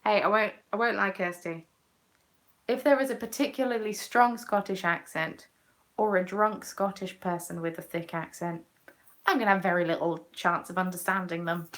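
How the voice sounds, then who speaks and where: A woman's voice: mid-range voice, moderate pace, fairly bright tone. A young woman with a Southern English accent chats casually into a camera at home while she knits. She answers her viewers' comments one by one and pokes fun at herself along the way. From southern England. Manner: chatty and self-mocking, answers viewers' comments aloud. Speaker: craft vlogger. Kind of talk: casual chat while knitting.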